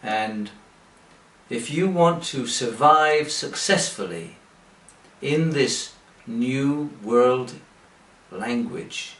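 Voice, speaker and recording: Slow-spoken man, roomy distant sound. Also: mid-range voice, lively intonation, fairly bright tone. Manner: slow, deliberate, with rhetorical questions. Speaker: English teacher. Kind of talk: direct-to-camera sales pitch. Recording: roomy, from away from the mic.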